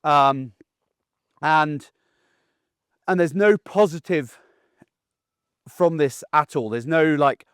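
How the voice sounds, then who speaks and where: A man, a dog trainer giving a casual, animated lesson outdoors while acting out voices. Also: a little high, measured pace, pauses often, clean tone, no room sound, clean studio sound. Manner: chatty and animated, acts out the dog's and owner's voices. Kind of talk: casual instructional talk.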